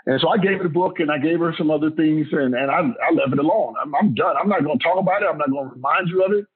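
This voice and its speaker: A man's voice: a little high, fast talker, slightly rough. A middle-aged man, a former football player, telling a family story in an interview, emphatic and repeating himself. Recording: tinny phone-like audio.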